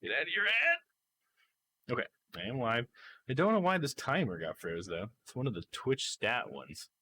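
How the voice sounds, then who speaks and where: A man's voice: mid-range voice, big pitch swings, moderate pace, fairly bright tone, slight background noise. A man live-streaming a game, chatting with viewers and reading the game's text aloud.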